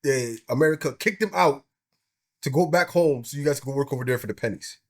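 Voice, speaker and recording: A man co-hosting a casual chat, joking and cutting in with quick questions. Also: medium pitch. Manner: joking, interjecting with short questions. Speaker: co-host.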